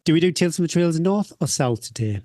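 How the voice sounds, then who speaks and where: A man co-hosting a podcast in casual chat, reading out listener stats and shout-outs with dry, joking humour. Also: a little high, animated, fast, no echo. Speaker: podcast co-host.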